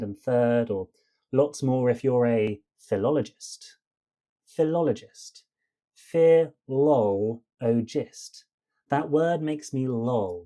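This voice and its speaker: A male podcast host delivers rhythmic spoken-word verse, riding a steady beat and landing his rhymes with emphatic stresses. His voice has a mellow, warm tone. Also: medium pitch.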